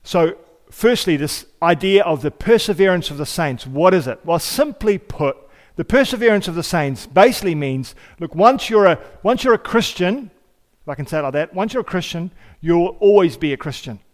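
Higher-voiced male pastor preaching in a church. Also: lively intonation, normal speed. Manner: conversational preaching, rhetorical questions, repeats phrases. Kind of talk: sermon. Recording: long hall reverb.

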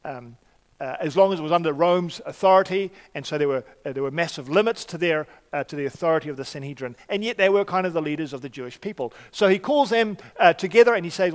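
A man preaching a sermon in a conversational way, often pausing on fillers and restarting his sentences. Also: a little high, lively intonation. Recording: long reverb of a large hall.

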